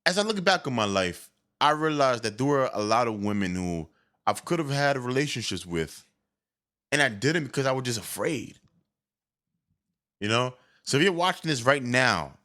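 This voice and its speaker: A young man recounts an awkward episode from his past in casual comic storytelling. His voice has a bright, forward edge, and he talks candidly and with animation, often doubling back on his words mid-sentence. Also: medium pitch. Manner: candid, animated, with stammered restarts.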